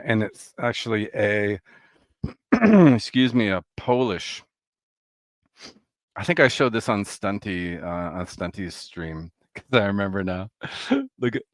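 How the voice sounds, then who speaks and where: A man chatting casually and excitedly about records he bought, telling a rambling travel story with laughs and swearing. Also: low voice, dry recording. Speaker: vinyl record collector vlogger.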